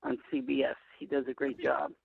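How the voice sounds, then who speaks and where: A man's voice: mid-range voice, monotone, a little fast, vocal fry, husky, no room sound. An older man calling in to a talk show, rambling and friendly, often mixing up his picks, heard over a phone line. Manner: rambling, friendly, mixes up games. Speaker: caller. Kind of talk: phone-in chat.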